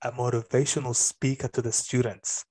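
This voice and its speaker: A man's voice: medium pitch, flat delivery, normal speed, darkish tone, slightly rough. A young man co-hosting a podcast, telling a story in casual chat, swearing freely and mimicking other people's voices. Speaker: podcast co-host.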